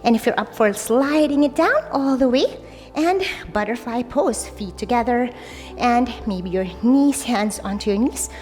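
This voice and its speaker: An unhurried, somewhat mellow young woman with an expressive voice on the high side teaches a guided yoga class. She keeps it casual and positive, leaning on "like" and "right?", while long reverb and faint music sit in the background.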